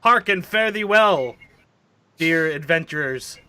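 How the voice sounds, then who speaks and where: A man's voice: a little high, expressive, slow, pushed and bright, clear, resonant tone, no echo, voice pushed up, exaggerated voice. Man doing a raised, mock-grand adventurer voice, stiff and archaic. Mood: mock-formal. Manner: stilted, archaic phrasing.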